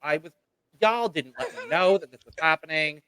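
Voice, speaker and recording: A man's voice: fairly high pitch, animated, moderate pace, a bit bright. A man co-hosting a podcast, teasing and exasperated in casual banter. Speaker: podcast co-host.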